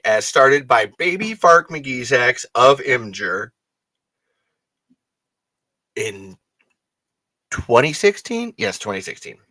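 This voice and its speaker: Bright, excitable man hosting a fan show. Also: mid-range voice. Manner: excitable, profane, rambling, quick to laugh. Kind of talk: casual chat.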